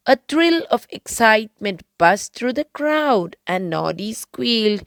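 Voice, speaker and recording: A woman reading a children's storybook aloud at a gentle, unhurried pace. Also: fairly high pitch, animated, creaky, dry recording. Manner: slow, gentle storytelling with voiced characters. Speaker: storybook reader.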